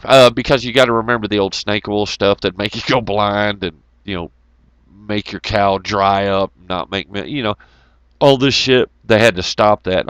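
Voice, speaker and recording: A man's voice: fairly low pitch, a bit bright, smooth, no echo. A man giving a profane, rambling, jokey monologue to his viewers, laughing often. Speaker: YouTube commentator. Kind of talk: casual ranting monologue.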